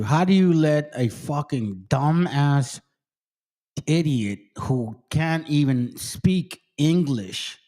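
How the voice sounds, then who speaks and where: A man's voice: fairly high pitch, mellow. A man hosting his channel, giving angry, profane commentary on videos he plays. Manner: profane, heated, ranting. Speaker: channel host.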